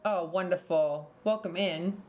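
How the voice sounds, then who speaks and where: A young British woman, her accent softened by years in America, chatting casually on a livestream and reading out her chat. She giggles a lot, swears freely and coos at her dog. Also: on the low side, a little slow. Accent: British, partly American after years in the US. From Britain.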